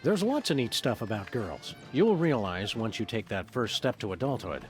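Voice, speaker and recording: A man voicing a calm, upright dog detective in a video game, speaking in polite, measured, wordy phrases. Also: fairly low pitch. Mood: dry. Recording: game audio under music.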